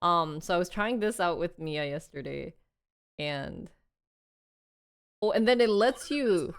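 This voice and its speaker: With a fairly low, gravelly yet clear and resonant voice, a young woman streams casually at a slow pace and with lively intonation. She rambles, laughs frequently, and reads short passages aloud to a phone app, recorded without echo.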